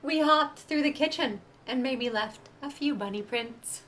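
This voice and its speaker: Woman storyteller for preschoolers, expressive sing-song reading, a bit high-pitched. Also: a little slow, a little hiss or hum. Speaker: museum educator. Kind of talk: reading a picture book aloud to young children.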